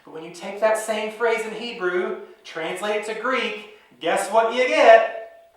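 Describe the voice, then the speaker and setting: Pastor preaching in an echoey hall. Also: male voice, high-pitched, a little slow. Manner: conversational, animated storytelling. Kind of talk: sermon. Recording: echoey room, mic from a distance.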